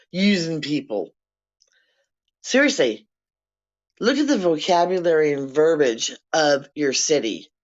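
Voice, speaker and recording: A vlogger in their sixties ranting to camera in a blunt, profane, rambling way from their apartment. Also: mid-range voice. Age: 60s. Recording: dull lo-fi sound.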